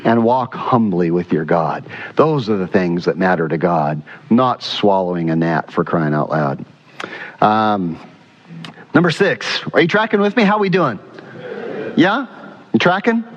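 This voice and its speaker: Animated male pastor preaching. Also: low-pitched, measured pace, lo-fi sound. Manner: animated, quizzes the congregation. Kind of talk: sermon. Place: church sanctuary.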